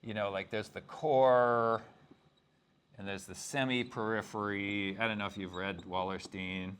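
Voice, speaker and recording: A man's voice: lowish voice, level tone, a little slow, fairly bright tone, clear, resonant tone. A man giving an informal university lecture as a guest lecturer, talking loosely with frequent asides and restarts. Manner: conversational, loose, with frequent "you know" and restarts.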